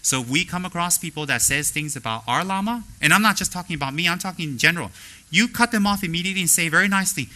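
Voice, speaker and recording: Man giving a dharma talk, really bright edgy voice, blunt and animated. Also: sits high, fast talker, rough recording. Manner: animated, mimics people in quoted asides; blunt, straightforward admonishing. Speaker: spiritual teacher.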